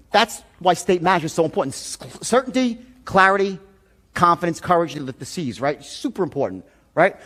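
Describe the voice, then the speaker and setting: A man giving a seminar talk as a sales trainer, telling stories in an animated, profane way. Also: on the high side.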